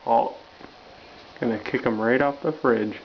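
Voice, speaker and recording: A man filming his cat at home, talking to it in a playful, teasing, mock-dramatic way with drawn-out exclamations. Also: medium pitch, steady tone. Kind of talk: casual teasing narration to a pet. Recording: dull, noisy home camcorder audio.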